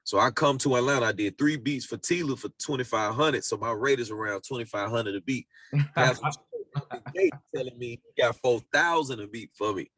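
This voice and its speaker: A relaxed man talking through studio memories in an unhurried way, leaning on slang and casual asides. His voice sits in an ordinary middle range. The sound is dry and close, with no room echo. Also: medium pitch, breathy edge. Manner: laid-back storytelling with slang and repeated phrases. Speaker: music producer guest. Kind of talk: casual storytelling interview.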